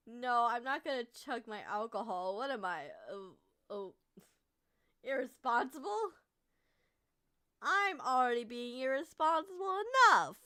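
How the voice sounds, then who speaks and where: A woman's voice: sits high, bright, forceful tone, clean tone. A woman VTuber chatting casually during a game stream, tipsy, playful and boastful as she talks to her viewers.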